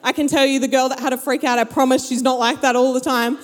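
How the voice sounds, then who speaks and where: A woman's voice: sits high, flat delivery, fast. A young adult woman, telling a story to a live audience and acting out her friends' voices. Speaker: speaker. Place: large hall with an audience. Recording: long hall reverb.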